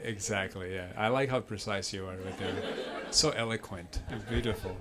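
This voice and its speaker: A man's voice: lowish voice, moderate pace, music in the background. A man doing stand-up crowd work, teasing audience members and laughing often. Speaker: stand-up comedian. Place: comedy venue stage. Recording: loud crowd in a live venue.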